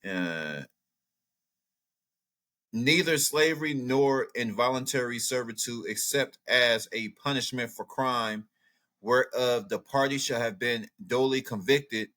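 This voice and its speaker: A commentary channel host speaks slowly in a mid-range voice, leading a casual, outspoken reaction video. He's animated and thinks aloud as he browses maps and texts, looking things up and reading passages.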